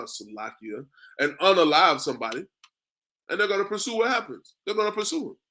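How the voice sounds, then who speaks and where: A man's voice: fairly high pitch, bright, forceful tone. A man teaching a class in a preaching style, firing rhetorical questions at his listeners and calling them "man" over and over, with frequent chuckles. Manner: chuckles often while talking. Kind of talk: street-preaching class lecture.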